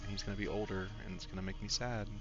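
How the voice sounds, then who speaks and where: A man's voice: on the low side, little pitch movement, very fast, muffled recording, music in the background. A man streaming a game, chatting casually in a rambling, candid and emotional way. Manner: rambling, candid and emotional, talks to his dog. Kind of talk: casual live-stream chat.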